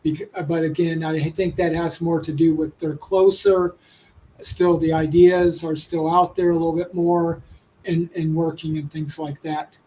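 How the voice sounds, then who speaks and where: A man in a casual livestream discussion who talks haltingly and keeps restarting his sentences. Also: fairly high pitch, flat delivery, mellow, rough recording. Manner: halting, searching for words with many restarts.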